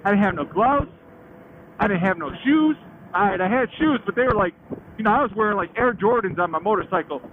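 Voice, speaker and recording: High-voiced chatty man, tinny sound. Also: expressive, fairly quick. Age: late 30s. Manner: slangy, chatty, laughs often, swears. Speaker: motorcycle vlogger. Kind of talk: casual rambling storytelling. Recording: tinny phone-like sound with faint noise.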